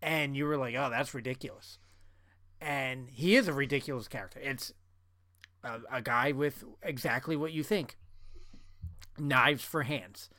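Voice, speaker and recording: A man's voice: mid-range voice, unhurried, long pauses, sharp tone, no room sound, studio quality. A man co-hosting a podcast in casual chat, talking in a loose, chatty way full of fillers. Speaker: podcast co-host.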